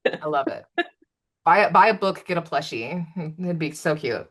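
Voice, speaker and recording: A woman's voice: sits low, animated, moderate pace, fairly bright tone. A woman hosting a live online Q&A, chatty and self-deprecating, with many fillers. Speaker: livestream host. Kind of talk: casual chat.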